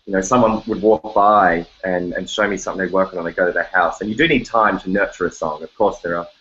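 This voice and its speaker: A man's voice: deep voice, fast, muffled recording. A man with an Australian accent, a songwriter chatting casually and animatedly from his bedroom, joking as he goes. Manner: chatty, animated, jokey, breaks into sung snippets. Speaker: songwriter guest. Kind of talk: casual interview chat. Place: home bedroom.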